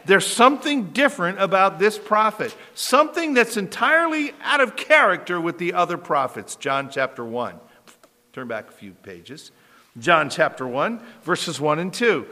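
A man's voice: high-pitched, sharp tone. A man preaching a sermon, reading scripture aloud and telling his congregation to turn to passages. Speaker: pastor. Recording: echoey hall.

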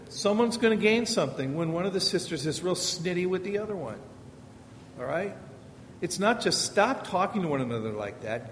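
In a reverberant hall with a faint rumble, a middle-aged man delivers a casual, Bible-based talk on parenting. He keeps it conversational and repeats rhetorical questions as he teaches.

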